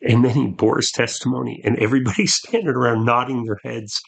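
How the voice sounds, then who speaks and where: A man, a podcast guest earnestly telling a personal story, with halting restarts. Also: mid-range voice, fairly even intonation, gravelly, breathy edge.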